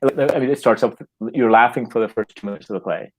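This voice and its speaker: A man, a playwright guest in a casual chat, telling stories animatedly, often halting and repeating words and acting out what people say. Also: medium pitch, low-quality recording. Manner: animated storytelling, acting out quoted lines.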